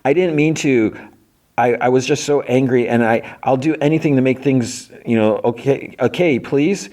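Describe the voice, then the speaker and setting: A man voicing an upset young heroine from a cartoon, pleading in a halting way. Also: medium pitch, darkish tone, pitched above the performer's own voice, natural voice.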